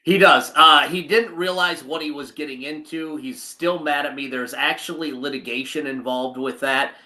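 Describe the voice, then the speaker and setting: A man's voice: fairly high pitch, normal speed, bright, forceful tone. A middle-aged man, co-hosting a casual chat show and rambling with frequent restarts. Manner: rambling, self-correcting, folksy. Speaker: podcast co-host.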